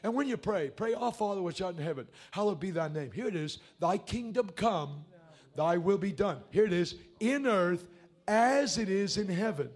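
A middle-aged male preacher with a high-pitched voice. He talks in blunt, folksy phrases and swings between hushed, close asides and sudden shouts. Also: lively intonation, normal speed. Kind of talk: revival sermon.

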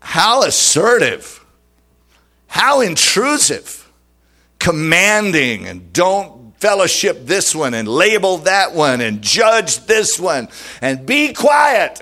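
A man's voice: high-pitched, big pitch swings, takes it slowly, bright, forceful tone, heavily acted. A preacher mimicking an outraged churchgoer man. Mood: indignant. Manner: huffy, incredulous, mocking questions. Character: indignant offended modern churchgoer man.

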